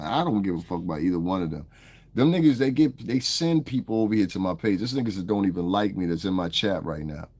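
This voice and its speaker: A man whose voice sits fairly low and sounds a little mellow is hosting a livestream. He turns on his chat with a profane, confrontational tirade, speaking to them head-on.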